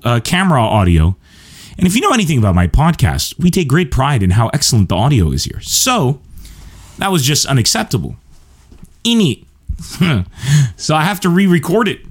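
A man hosting his comedy podcast, talking straight to listeners in a rambling, self-mocking, chatty way. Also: on the high side. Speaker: podcast host. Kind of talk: casual comedic monologue.

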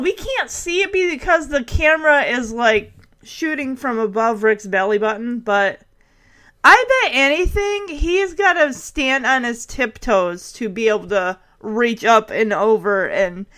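A woman giving a casual, animated recap of a TV episode, laughing as she acts out the characters. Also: a little high, a little slow. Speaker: show recap host.

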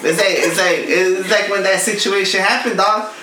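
A man's voice: high-pitched, steady tone, normal speed. A man telling stories in a casual chat, laid-back and full of slang and swearing. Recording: echoey room with background noise.

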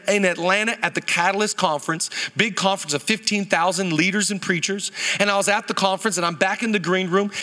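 A pastor in his thirties preaching a sermon at a church service, animated and joking, calling on the congregation to answer back. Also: high-pitched. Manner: animated and humorous, calls on the congregation for responses.

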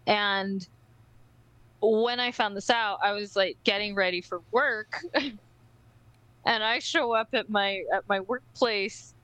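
Bright-voiced woman telling a story, lots of "like". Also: medium pitch, slow pace, pauses often, smooth, no echo, low-quality recording. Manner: animated storytelling with frequent "like" and "right?"; swears casually. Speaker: podcast co-host. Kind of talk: casual podcast chat.

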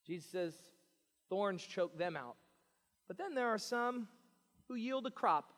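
A man with a very high voice preaches slowly and deliberately, drawing his words out. He pleads with the congregation, dropping to a hush and then rising to a shout, and his voice rings on in a hall with a long reverb. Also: expressive. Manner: pleading, swings from hushed to shouted. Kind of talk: sermon.

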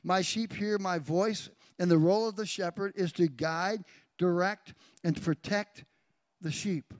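A man's voice: high voice, a little slow, no echo, clean studio sound. A man preaching a sermon as pastor, calling out to members of his congregation by name. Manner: preaching with call-outs to congregation. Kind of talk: sermon with live demonstration.

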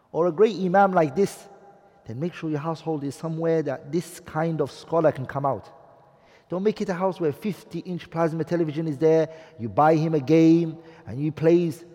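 A man's voice: on the high side, a little mellow, breathy edge. A man teaching a religious class, lecturing and often asking his audience questions, with Arabic phrases mixed in. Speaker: Islamic studies teacher. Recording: reverberant hall recording.

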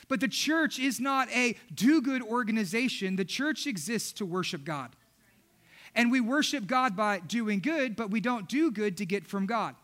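A young adult man preaching a sermon as a pastor, animated and expressive, sometimes acting out voices. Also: sits high, normal speed. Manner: animated, acts out his daughters' voices.

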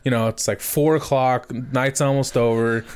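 A man's voice: medium pitch, steady tone, moderate pace, clear, resonant tone. A young man telling a rambling story on a podcast. He swears a lot and often restarts his sentences. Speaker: podcast co-host. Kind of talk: casual storytelling banter.

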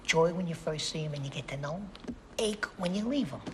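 A man's voice: a little high, brisk, close to an everyday voice. An actor playing a scruffy older homeless man who rambles sentimentally in a folksy, sing-song way, heard as a film clip. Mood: wistful. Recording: film clip with background noise.

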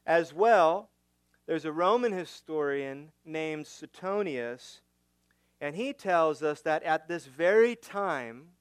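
A male pastor preaching a sermon, teaching through a passage with rhetorical questions, swinging from emphatic to hushed. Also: fairly high pitch, expressive, slow, clean tone, no echo.

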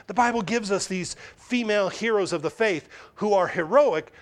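A man with a notably high voice delivers a sermon, working through a scripture passage line by line. He reads aloud, stops to explain, repeats and restarts words, and slips into brief acted asides as he goes. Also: normal speed. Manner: expository preaching with frequent restarts and acted asides. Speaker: pastor.

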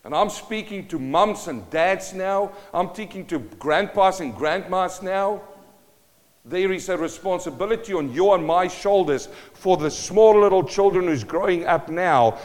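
A man preaching a sermon, emphatic, swinging between loud and quiet, reading scripture slowly and deliberately. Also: a little high, big pitch swings. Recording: long hall reverb.

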